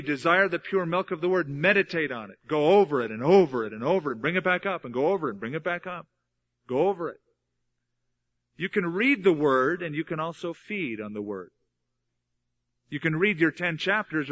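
A man's voice: a little high, fairly bright tone, highs cut off. A man preaching a sermon, teaching earnestly from the Bible and repeating key phrases for emphasis. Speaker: pastor.

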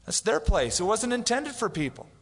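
A pastor preaching in a reverberant hall. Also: male voice, high-pitched, sing-song, normal speed, a bit bright, breathy edge. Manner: storytelling, acts out quoted voices. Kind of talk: sermon.

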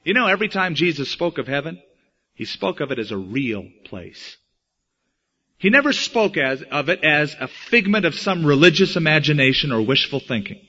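A male pastor preaches with an animated, rising and falling voice that sounds bright and forceful. He drives his points home emphatically, slowing down and then rushing ahead. The old recording is dull and lo-fi. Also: a little high. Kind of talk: sermon.

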